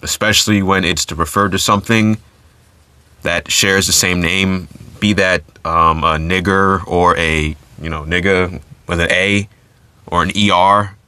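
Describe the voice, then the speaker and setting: Solo podcast host, man, low bright tone, dead-dry room, loose chatty delivery. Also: fairly even intonation, unhurried, smooth, dry recording. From United States. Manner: casual, conversational, many fillers and restarts.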